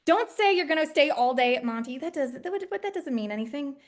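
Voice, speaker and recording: A woman producer answering student questions in a panel Q&A, animated and joking, acting out quotes in mock voices. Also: high voice, fast talker. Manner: candid and joking. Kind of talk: panel Q&A advice.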